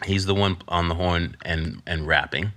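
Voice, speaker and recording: A middle-aged man speaks as a podcast guest in a very deep voice with a forceful, bright edge. He tells a personal story in candid conversation and slips into animated voices when he quotes others. The sound is dry and close to the mic. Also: moderate pace, no echo.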